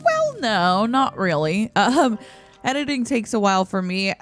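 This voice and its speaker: A woman streamer with a hoarse, tired morning voice, chatting and giggling casually while she plays and reads her chat aloud. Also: medium pitch, animated, normal speed. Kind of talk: casual gameplay livestream chat. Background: faint background music.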